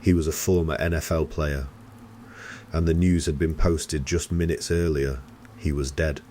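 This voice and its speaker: A man narrating a first-person horror story in a steady, tense storytelling manner. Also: very deep voice, moderate pace, slight background noise.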